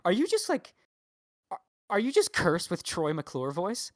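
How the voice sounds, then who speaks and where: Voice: mid-range voice, huge pitch swings, measured pace, dry recording. A podcast co-host in casual chat, rambling and swearing, often laughing.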